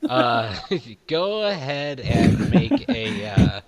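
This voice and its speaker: Slow, rambling game master. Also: male voice, a little high, very animated, vocal fry, over a noisy crowd. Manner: loose, laughing, filler-heavy. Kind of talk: narrating a tabletop game.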